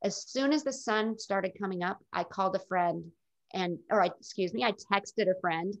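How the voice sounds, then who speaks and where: A woman's voice: mid-range voice, moderate pace. A middle-aged woman telling her own story in an interview, in a candid and reflective way. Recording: dull lo-fi recording.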